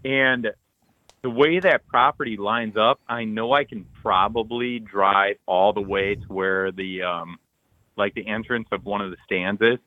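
A man co-hosting a podcast, telling an excited hunting story full of acted-out quotes and loud bursts. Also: fairly low pitch, unhurried, no room sound, phone-quality sound. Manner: animated, loud bursts, frequent "like", acts out texts and quotes.

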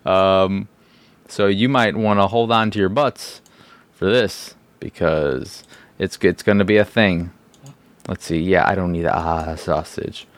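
A man's voice: sits low, a little slow, no echo. A man hosting a podcast, rambling in a casual, exasperated, self-mocking way. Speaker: podcast host. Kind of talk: casual solo podcast talk.

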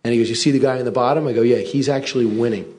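A man hosting a casual chat, telling lively anecdotes and acting out the voices in them. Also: mid-range voice, rapid-fire. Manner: animated anecdote teller, acts out voices. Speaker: host.

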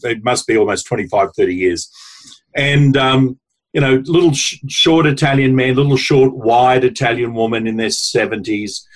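A man co-hosting a talk show, telling a casual story in an animated way with halting starts. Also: mid-range voice, low-quality recording.

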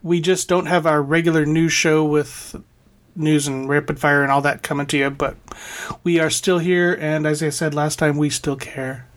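A man's voice: fairly high pitch, steady tone, moderate pace, fairly bright tone. A man hosting a casual podcast, reading announcements in an upbeat, announcer-like way and chatting with his co-hosts. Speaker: podcast host.

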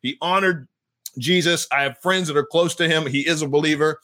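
A man's voice: fairly high pitch, brisk, pushed and bright. A male podcast host speaking with emphatic fervor, often doubling his words as he goes. He chats casually with his guest and slips easily into praying aloud. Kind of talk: casual Christian podcast chat and prayer.

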